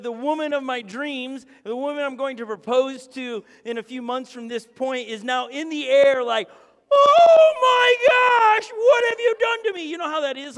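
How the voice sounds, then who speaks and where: A pastor in his thirties telling a comic story in a sermon, animated and joking. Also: extremely high pitch. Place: church hall. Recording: long hall reverb.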